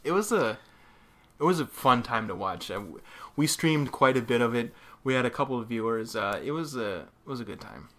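A man casually telling a gaming story, animated, laughing often as he tells it. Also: medium pitch, normal speed.

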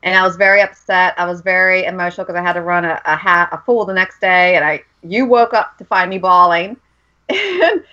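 A woman co-hosting a running podcast, telling stories in an animated, giggly way. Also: on the low side, fairly quick. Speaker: podcast co-host. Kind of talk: casual chat. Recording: dull lo-fi podcast audio.

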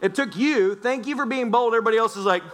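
A man's voice: extremely high pitch, fast talker, background noise. A man preaching a sermon as a pastor, joking and playfully telling stories to the congregation. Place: church sanctuary.

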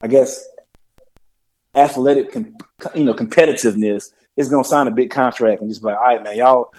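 A man co-hosting a casual sports talk radio show, an animated storyteller who laughs often and acts out the people he quotes. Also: mid-range voice, fairly quick, rough recording. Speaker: co-host.

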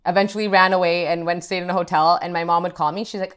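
A woman co-hosting a casual podcast tells a family story in a loose, chatty way. She swears freely and slips into quick impressions of her relatives as she goes. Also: on the low side. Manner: animated, swears a lot, acts out family members. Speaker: podcast co-host.

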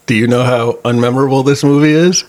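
A man's voice: mid-range voice, steady tone, brisk, darkish tone. A man co-hosting a podcast in casual chat about movies, rambling through joking anecdotes. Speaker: podcast co-host.

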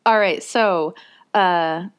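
A woman co-hosting a relaxed conversation, trading stories and laughing easily. She tells her stories with animation and sometimes breaks into bits of song. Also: on the low side, extremely slow, smooth. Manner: laughs often, animated storytelling with sung bits. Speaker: podcast co-host. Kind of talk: casual chat.

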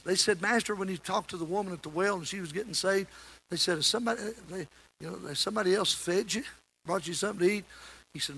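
A male preacher, delivering a sermon with sudden loud rises that drop back low. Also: gravelly. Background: music playing.

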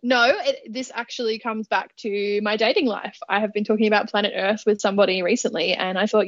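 A woman's voice: mid-range voice, steady tone, brisk, few pauses, dry recording, muffled recording. A woman co-hosting a podcast in casual chat, playful, laughing often and swearing freely. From Australia. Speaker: podcast co-host.

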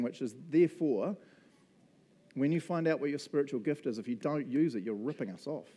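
This male pastor's church sermon is informal and conversational, punctuated by laughter and rapid asides. His voice is slightly high and mellow.

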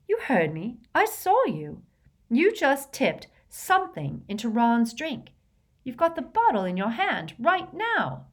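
A woman's voice: high-pitched, very animated, normal speed, hardly any pauses, a little mellow, pitched above the performer's own voice. A woman voicing a clever, bossy schoolgirl witch who talks sharply and scolds. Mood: accusing.

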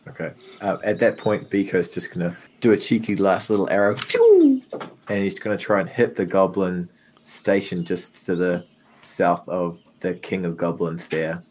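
A man's voice: sits low, level tone, moderate pace, a little mellow, a little hiss or hum. A man playing a tabletop game, describing his character's moves casually. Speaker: player.

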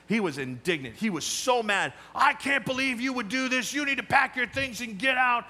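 A male pastor preaching a sermon, emphatic, moving between loud challenges and quiet asides. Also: a little high.

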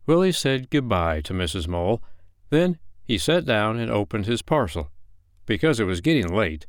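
A man who hosts a podcast, reading a bedtime story aloud with a gentle, expressive manner. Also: fairly low pitch, moderate pace, no echo, studio quality.

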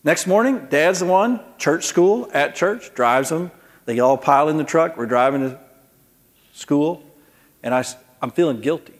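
A man preaching as a pastor, telling folksy family stories in an animated way. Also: fairly high pitch, moderate pace, long reverb tail. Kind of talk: sermon with storytelling.

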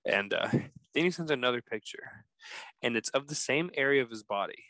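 A man's voice: medium pitch, brisk, no echo, poor audio. A man hosting a podcast, telling a story casually and acting out the quoted text messages. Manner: animated, acts out quoted texts. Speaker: podcast host.

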